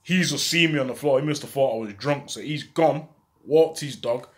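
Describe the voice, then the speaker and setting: A man telling a true story from his own life in casual, slang-heavy street talk, with an animated delivery. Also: medium pitch, moderate pace.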